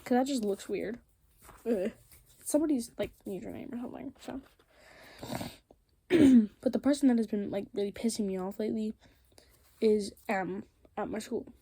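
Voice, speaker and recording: Teen girl vlogger, casual rambling rant; warm, mellow, dry close recording. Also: on the high side, moderate pace, creaky, pauses often, breathy edge, no room sound. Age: teens. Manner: chatty, rambling, frequent ums and likes. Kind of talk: casual rant while crafting.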